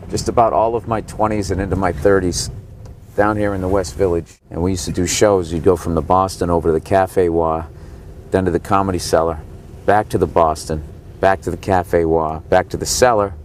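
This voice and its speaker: A male stand-up comic in his forties, feeling slightly ill, grumbles sarcastically and with plenty of profanity from a cab's back seat, offering ranting commentary on his tour. His low voice keeps a fairly even intonation at a normal speed, while faint city traffic sounds in the background.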